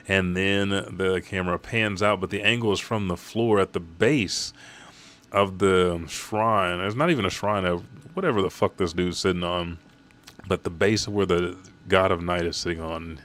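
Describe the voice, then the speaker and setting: Man, deep voice, casual rambling, profane, manga chapter recap host. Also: normal speed, a bit bright.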